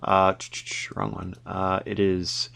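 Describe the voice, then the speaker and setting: A man reading a narrative horror game's text aloud, with halting asides between smoothly read passages. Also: low-pitched, monotone, a bit bright. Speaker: gameplayer narrating. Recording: noisy home setup with background music.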